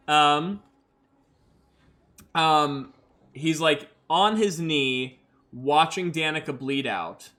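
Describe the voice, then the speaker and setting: A man's voice: a little high, drawn-out words, pauses often, sharp tone. A young man narrating a solo tabletop game as game master, talking casually with many fillers. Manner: casual, filler-heavy storytelling.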